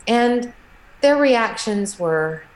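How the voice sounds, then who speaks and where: A middle-aged woman, a guest in an interview, telling a personal story in a halting, emotional way with many restarts. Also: on the high side, lively intonation, slight background noise, poor audio.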